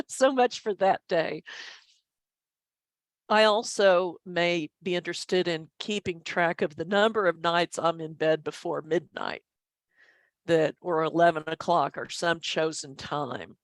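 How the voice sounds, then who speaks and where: A woman's voice: sits low, creaky, dry recording. A middle-aged woman, a statistician, explaining measures in an online training session with goofy self-deprecating humor. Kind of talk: online presentation.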